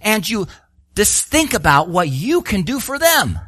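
A man preaching a sermon, animated and full of rhetorical questions, acting out the voices he quotes. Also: sits high, a little slow, no echo, clean studio sound.

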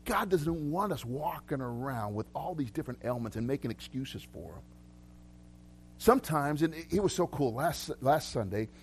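A man's voice: lowish voice, vocal fry, a little hiss or hum. A man preaching a sermon as pastor, talking conversationally with repeated words and frequent laughs. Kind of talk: sermon with prayer ministry.

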